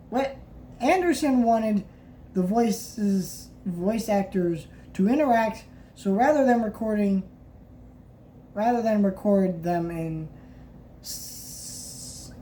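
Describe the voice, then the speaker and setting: A woman's voice: medium pitch, dark tone, a little hiss or hum. A woman casually reviewing a book, reading passages aloud and commenting, often stopping to restart her sentences. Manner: halting, many restarts and fillers.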